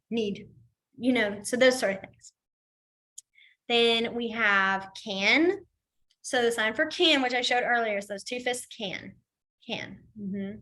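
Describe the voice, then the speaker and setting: A young woman, teaching a sign language class in a chatty, casual way full of fillers, going quiet as she demonstrates signs. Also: fairly high pitch. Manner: chatty, many fillers, drops to quiet when signing.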